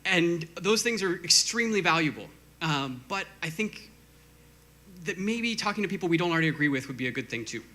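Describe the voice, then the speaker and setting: Bright, quick-talking man on stage. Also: on the high side, animated, a little hiss or hum. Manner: quick, self-deprecating, halting with many fillers. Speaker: conference speaker. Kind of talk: short stage talk.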